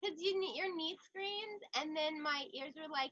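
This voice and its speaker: High, bright young woman, dull lo-fi sound. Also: steady tone, normal speed, dry recording. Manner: Valley Girl talk, chatty and playful. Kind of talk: comedic casual chat.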